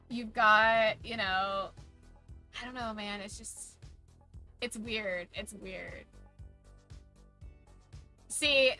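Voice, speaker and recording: A woman streamer riffs opinionatedly over a game, her voice bright and a touch high. She rants and swears freely in loose, casual chat, with faint music playing behind her. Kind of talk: casual chat while gaming.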